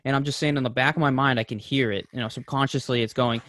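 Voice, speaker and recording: A man's voice: mid-range voice, steady tone, fast, fairly bright tone, dry recording, clean studio sound. A man co-hosting a casual podcast, talking openly and rambling, swearing freely. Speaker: podcast co-host.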